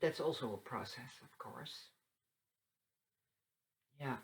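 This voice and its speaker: A woman hosting a spiritual talk that moves into a guided meditation, speaking softly and meandering, with light laughs. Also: extremely low pitch, lively intonation, poor audio. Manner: soft, slow and meandering, with frequent fillers and light laughs. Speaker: spiritual channel host. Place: seated indoors.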